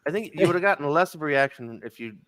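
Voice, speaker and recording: Brief: man, smooth clean voice, dry close sound, wry joker in casual banter. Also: fairly high pitch, animated, fast talker, a bit bright, dry recording. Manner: wry, joking, many "like"s. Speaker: podcast co-host. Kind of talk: casual chat.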